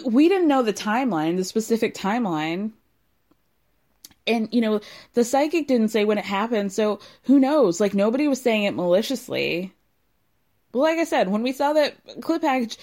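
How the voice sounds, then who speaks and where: Young woman host, lively sarcastic recap talk with lots of swearing and quoted lines. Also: on the high side, unhurried. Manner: animated, sarcastic, swears freely, acts out quotes. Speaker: podcast host recapping a reality show. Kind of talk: casual recap commentary.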